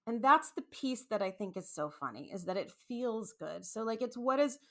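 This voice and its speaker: A woman hosting a podcast, talking casually in a rambling, animated way with many asides and restarts. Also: a little high, moderate pace. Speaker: podcast host. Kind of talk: casual solo podcast monologue.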